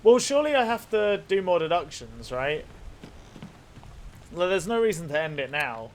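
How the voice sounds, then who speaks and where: A man's voice: on the high side, very animated, moderate pace, a little hiss or hum. Swearing man doing game commentary. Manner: thinking aloud, swears freely. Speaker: let's play host. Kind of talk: gaming commentary.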